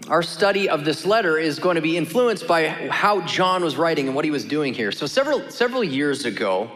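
Male pastor, sermon, casual joking delivery, high lively voice, church sanctuary, long hall reverb.

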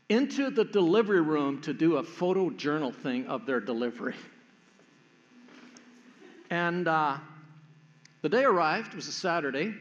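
An older man preaching a sermon as pastor, telling a family story in a church. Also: fairly high pitch. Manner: storytelling, acts out family voices. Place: church sanctuary. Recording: echoey hall, dull sound.

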